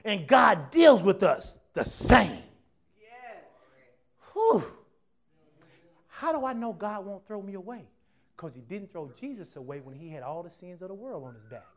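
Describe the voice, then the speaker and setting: A man preaching a lively sermon to a church congregation, talking casually and acting out other people's voices as he goes. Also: high voice, a little slow, pauses often. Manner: animated preaching, acts out quoted voices, casual dialect. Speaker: pastor.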